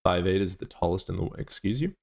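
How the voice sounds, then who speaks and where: Man, live streamer, casual chat, teasing, crude, lots of swearing, somewhat low voice. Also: completely flat delivery, fast, gravelly.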